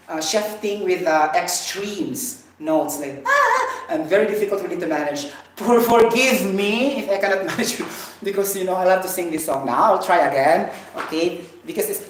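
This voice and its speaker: A woman giving a casual vocal coaching talk, chatty and checking in often with the listener. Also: on the low side. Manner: chatty, keeps checking in with okay. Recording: very echoey room, faint music.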